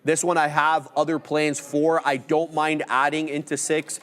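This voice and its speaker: A man co-hosting a live stock trading stream, walking through his trades and giving shout-outs to viewers in the chat. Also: fairly high pitch, flat delivery, moderate pace. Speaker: trading show co-host.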